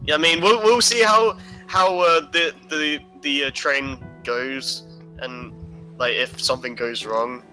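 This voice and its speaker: A man hosting a podcast, talking casually and haltingly, with many restarts. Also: fairly high pitch, pushed and bright, faint music behind, rough recording. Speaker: podcast host. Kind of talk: casual chat.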